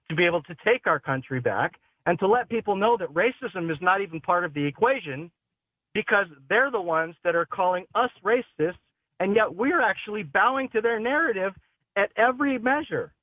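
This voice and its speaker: A man's voice: sits high, animated, brisk, dry recording. A male caller on a talk radio show, lecturing emphatically in a preachy way over a phone line.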